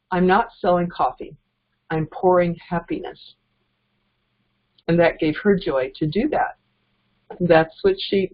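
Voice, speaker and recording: On a dull lo-fi recording, a woman with a lowish voice delivers an easygoing, heartfelt motivational training session for network marketing, chuckling as she moves from point to point.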